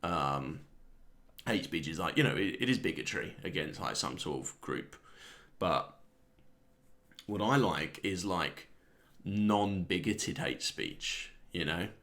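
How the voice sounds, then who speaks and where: A man with a very low, deep voice talks through a wandering comic monologue. He is sardonic and self-deprecating, and he chuckles at his own jokes between the tangents. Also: fairly bright tone. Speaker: comedian host. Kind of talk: rambling solo monologue.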